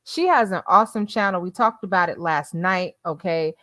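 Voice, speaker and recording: A woman's voice: on the low side, normal speed, pushed and bright, no room sound, clean studio sound. An older woman hosting a casual livestream, chatting and gossiping with frequent laughs. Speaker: YouTube host.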